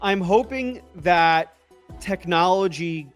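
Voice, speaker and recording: An excitable man talks loosely in a casual livestream, rambling, breaking off and picking his thought up again. His voice sits a little high for a man. Faint music plays underneath. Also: slow. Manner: rambling and excitable, trailing off and restarting. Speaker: tech YouTuber answering live chat.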